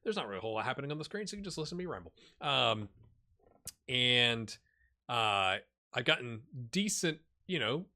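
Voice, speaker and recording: Forties male gaming host, bright forceful tone, rambling self-deprecating let's-play chatter. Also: medium pitch, sing-song, a little fast. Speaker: gaming YouTuber. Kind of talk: casual let's-play commentary.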